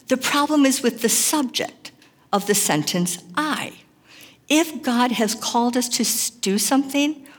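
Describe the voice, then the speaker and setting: A woman's voice: medium pitch, big-room sound. A woman giving an earnest, emphatic chapel sermon that mixes scripture with personal testimony. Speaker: chapel speaker.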